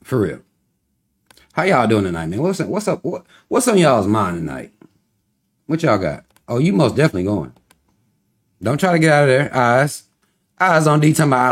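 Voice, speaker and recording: A man's voice: on the high side, sing-song, moderate pace, long pauses, slightly rough. A man hosting a casual livestream, talking to viewers and reading their comments, often breaking into laughter and teasing in a loose, rambling way.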